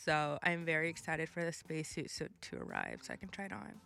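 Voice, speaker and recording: A young woman chatting on a radio show, excited and chatty. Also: sits low, quick pace, vocal fry, slight background noise. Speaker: co-host. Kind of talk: casual radio show chat.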